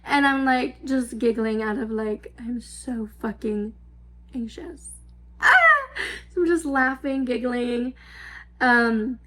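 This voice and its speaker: Young woman, high voice, casual storytime vlogger, rambling and giggly. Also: takes it slowly, fairly bright tone, slight background noise. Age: 20s. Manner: rambling, filler-heavy, swearing, giggly.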